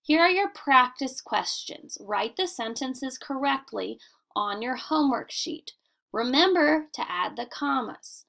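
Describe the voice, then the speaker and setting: A woman teacher talks children through a grammar lesson in a deliberate, sing-song classroom voice. She sits a little high in pitch, and a gravelly fry runs under her words. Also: expressive, fairly bright tone. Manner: slow, deliberate, sing-song classroom delivery with emphatic questions.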